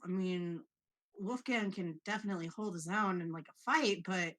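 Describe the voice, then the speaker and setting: A woman's voice: lowish voice, a bit bright. Chatty woman player, giggly. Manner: chatty, giggly, halting with fillers. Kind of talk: casual tabletop game chat.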